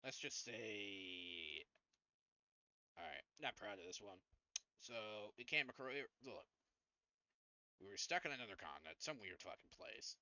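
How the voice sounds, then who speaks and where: A man's voice: fairly low pitch, animated, measured pace, long pauses, pushed and bright, no room sound, exaggerated voice. A man playing a crude cornered thief. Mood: rambling. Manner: evasive, rambling, swearing. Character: evasive crude male thief, captured and cornered. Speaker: game master. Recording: dry, dull lo-fi mic.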